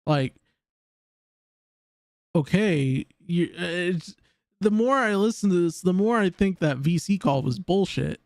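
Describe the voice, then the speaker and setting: A man hosting a casual reaction stream, talking haltingly with many restarts. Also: high voice, expressive, darkish tone, dry recording, clean studio sound. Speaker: streamer host.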